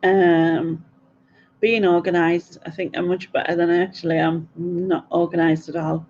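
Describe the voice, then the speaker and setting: A woman's voice: fairly low pitch, little pitch movement, normal speed, darkish tone, lo-fi sound, a little hiss or hum. A middle-aged woman, chatting and giggling through a casual live question-and-answer stream.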